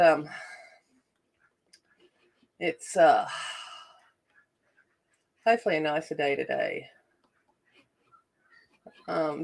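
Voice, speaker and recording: An Australian woman hosting a casual colouring livestream. She chats while she works, greets viewers by name and thinks out loud. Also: low voice, gravelly. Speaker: adult colouring livestream host.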